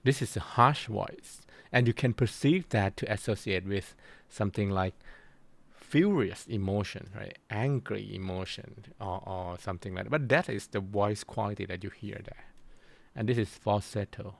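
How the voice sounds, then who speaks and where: A man giving a recorded university lecture, explaining slowly and pausing often to search for his words. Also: on the low side, vocal fry. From Thailand. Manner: slow, halting explanation with frequent pauses to search for words.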